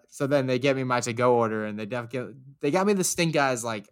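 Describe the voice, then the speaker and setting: A young man telling a story in casual chat, animated and profane, acting out the people he quotes. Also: mid-range voice, quick pace, hardly any pauses, clear, resonant tone.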